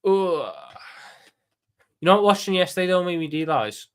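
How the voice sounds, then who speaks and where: Animated Scouse man streaming. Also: sits high, normal speed, clean tone. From Liverpool, England. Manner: animated, swearing, repeats and restarts words. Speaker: live-stream watchalong host. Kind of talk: casual live-stream chat.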